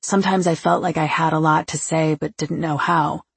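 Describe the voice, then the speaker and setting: A woman voicing a quiet, brooding man with a husky, gravelly voice and terse delivery. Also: low-pitched, steady tone, normal speed, dry recording, exaggerated voice. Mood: subdued.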